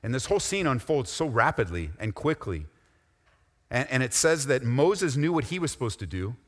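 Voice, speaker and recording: A man preaching a sermon as a pastor, animated, acting out squabbling voices and dropping into soft, intense asides. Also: a little high. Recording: reverberant hall.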